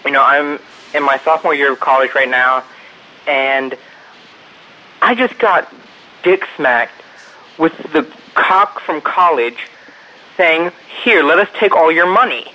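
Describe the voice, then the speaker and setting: A young man in his twenties calls in to a podcast with a recorded question. His voice is bright and tense, and he rambles in crude, exasperated bursts. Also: fairly high pitch, lively intonation, a little slow, long pauses, rough recording. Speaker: listener caller.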